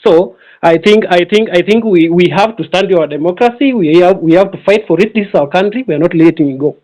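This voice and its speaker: A man's voice: sits high, fast talker, darkish tone, poor audio. A man with a Kenyan English accent calling into a live audio room, angry and switching between Swahili and English. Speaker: caller on a live audio space.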